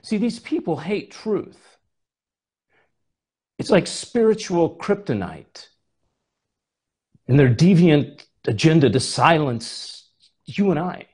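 Husky, animated male preacher. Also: on the high side, slow pace, pauses often. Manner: animated storytelling, rhetorical questions. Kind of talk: sermon.

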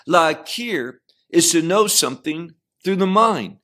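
A man teaching scripture verse by verse, deliberate and repeating words as he explains Hebrew terms. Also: on the high side, lively intonation, a bit bright. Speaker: Bible teacher.

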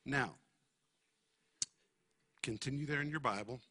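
Male Bible teacher, bright tone, emphatic sermon delivery, stops to unpack Greek terms. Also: mid-range voice, husky. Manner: emphatic, explains Greek words slowly.

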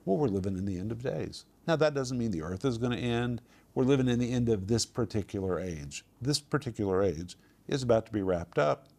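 A man's voice: mid-range voice, lively intonation, brisk, vocal fry, dark tone. A man teaching a home group Bible study, emphatic and repeating words for stress.

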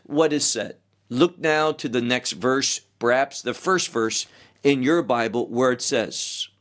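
A middle-aged male pastor teaching an expository sermon verse by verse, in a measured, deliberate way. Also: a little high.

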